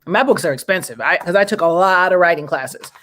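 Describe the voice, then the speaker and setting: A woman from New York hosting a talk show, telling personal stories in a rambling, lively way. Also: fairly low pitch, fairly quick. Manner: rambling, restarts sentences, lively retelling. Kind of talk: casual interview chat, personal storytelling.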